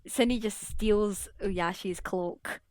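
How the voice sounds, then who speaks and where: A woman's voice: medium pitch, slow pace, a little mellow, dry recording. A woman playing in a tabletop game, giggly and theatrical as she plays her character. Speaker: player. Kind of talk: casual tabletop role-play.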